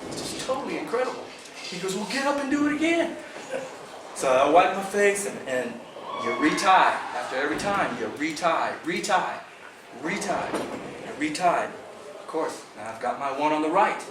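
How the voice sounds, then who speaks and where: A man recounts a fishing day to his club, animated and vivid, punching out sound effects and quoting people along the way. He's picked up from a distance by a camera in a roomy hall. A steady background noise sits under his voice. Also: medium pitch. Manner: excited, vivid, acts out sounds and quotes. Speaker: bass fishing club member. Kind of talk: animated storytelling to a club meeting. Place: club meeting room. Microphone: far camera.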